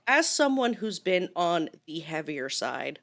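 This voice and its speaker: A woman co-hosting a podcast, reading posts aloud and chatting casually, animated, laughing often and swearing freely. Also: on the low side, measured pace, no room sound, studio quality. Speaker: podcast co-host.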